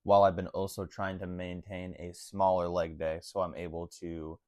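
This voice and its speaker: Young fitness vlogger, deep voice, loose slangy delivery, dry sound. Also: male voice, flat delivery, normal speed, a little mellow, dry recording. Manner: laid-back, slangy, full of "like" and "honestly". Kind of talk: casual talk to camera.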